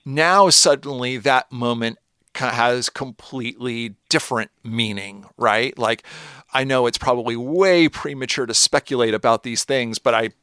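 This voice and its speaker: A man co-hosting a podcast, talking in a thoughtful, speculative way with drawn-out phrasing. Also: mid-range voice, bright, forceful tone, smooth, no echo, clean studio sound. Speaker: podcast co-host. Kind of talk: casual chat.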